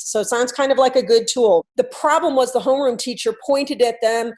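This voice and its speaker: A woman coach telling a classroom story in a lively, conversational talk, explaining her ideas through questions. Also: on the high side, brisk, few pauses. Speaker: workplace culture coach.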